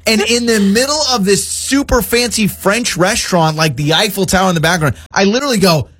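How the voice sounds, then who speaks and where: A man co-hosting a radio show, telling a story in casual banter with an animated, exaggerated delivery. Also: sits high, a little fast, few pauses, husky, dry recording.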